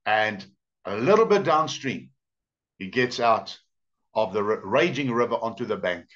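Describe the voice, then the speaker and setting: During a church service, a man delivers a storytelling sermon, emphatic and stretching his words out. His pitch swings expressively, and the recording sounds dull and lo-fi.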